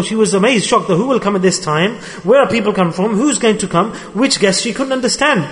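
A man's voice: sits high, animated, brisk, hardly any pauses, a bit bright. A man preaching a sermon to a gathering in a hall. He retells a story with emphasis and asks his listeners rhetorical questions. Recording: long reverberant hall.

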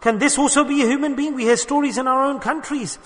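A man's voice: very high voice, steady tone, quick pace. A man preaching a sermon at a mosque gathering, impassioned and urging his listeners with rhetorical questions. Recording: reverberant hall.

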